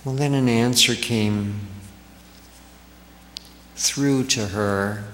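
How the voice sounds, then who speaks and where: A man telling stories gently to an audience as a spiritual speaker in a large hall. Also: medium pitch. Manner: slow, gentle storytelling. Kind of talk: storytelling talk to an audience. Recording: echoey hall reverb, faint noise.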